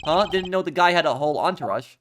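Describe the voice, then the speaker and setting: Man doing a brash detective, high-pitched, shouty, eager, game music behind. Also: animated, quick pace, natural voice. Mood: puzzled. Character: loud, excitable burly male police detective. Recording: game music playing underneath.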